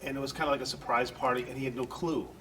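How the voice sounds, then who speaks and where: An entertainment center manager, a man, is the interview guest, rattling off earnest, rambling stories in a steady, medium-pitched, fairly bright voice while performing the people he quotes. The audio is poor, with a distant mic and slight background noise.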